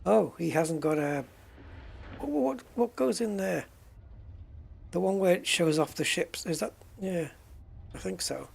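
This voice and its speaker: A man's voice: high-pitched, animated, measured pace, creaky, pauses often, slight background noise. A man chatting casually while streaming a space game, joking and exclaiming at prices. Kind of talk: casual gameplay commentary.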